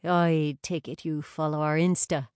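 A woman's voice: low voice, little pitch movement, measured pace, a little mellow, clear, resonant tone, no room sound, clean studio sound. A woman reading an audiobook and voicing a prickly young male dancer with a curt, defensive manner.

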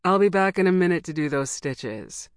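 A woman's voice: fairly low pitch, lively intonation, normal speed, no echo, studio quality, natural voice. A woman reading a smug, teasing young man. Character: smug, good-natured young man friend. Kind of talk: audiobook dialogue.

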